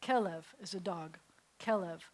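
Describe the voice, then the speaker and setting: A woman rabbi with an American accent teaching a beginners' Hebrew class, sounding out letters slowly and adding playful asides. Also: lowish voice, darkish tone, poor audio. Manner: patient, explains step by step, sounds out letters slowly. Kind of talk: classroom lesson. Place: synagogue classroom.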